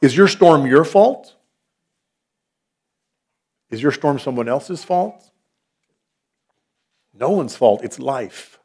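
Earnest pastor, conversational. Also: male voice, mid-range voice, expressive, slow pace, pauses often, darkish tone, husky. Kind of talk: sermon.

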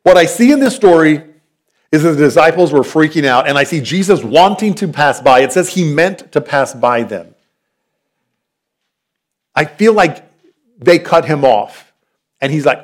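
A fairly high-voiced man in his forties with a drawl preaches a sermon. He talks earnestly and conversationally, easing into stories and asides. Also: animated, normal speed, pauses often. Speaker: pastor.

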